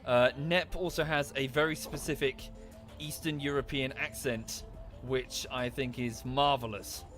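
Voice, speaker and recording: A man's voice: mid-range voice, steady tone, measured pace, fairly bright tone. Man, Estuary English accent, casual game-stream chatter, faint music underneath. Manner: chatty, thanks viewers by name, thinks aloud with restarts. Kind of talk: casual gameplay commentary.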